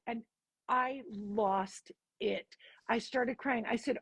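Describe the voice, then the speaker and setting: A woman with a very husky, breathy voice set fairly high, telling a story as a podcast guest. She tells it in an animated way and acts out what each person said. The sound is dry and close. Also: a little slow, no echo. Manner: animated, acts out dialogue in her stories. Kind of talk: storytelling in an interview.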